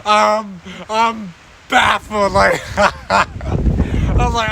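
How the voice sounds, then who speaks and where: A man's voice: sits high, steady tone, drawn-out words, creaky. Laughing young man telling stories over street noise. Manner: laughing storyteller, peppered with dude and bro. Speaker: livestream host. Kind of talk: casual chat stream.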